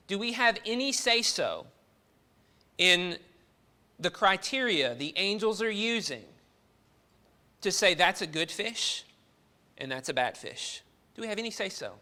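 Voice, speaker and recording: Man, preacher, sermon, high bright voice, earnest rhetorical questions. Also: sing-song, a little slow, pauses often.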